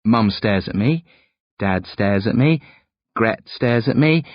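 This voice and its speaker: A man narrating an audiobook in the first person with a highly expressive, swooping delivery. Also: slow, no echo, lo-fi sound.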